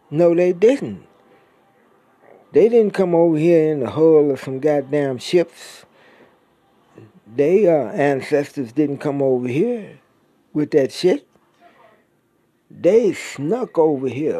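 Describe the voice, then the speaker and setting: A man delivering an angry, profane monologue as a podcaster, blunt and mocking, leaning hard on drawn-out words. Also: a little high, warm tone, no room sound.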